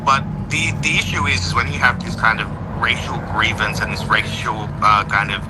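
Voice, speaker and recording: A man arguing as a guest in a live-stream debate, calm but provocative and teasing. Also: fairly low pitch, normal speed. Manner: provocative, teasing, calmly argumentative. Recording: clip with clear background noise.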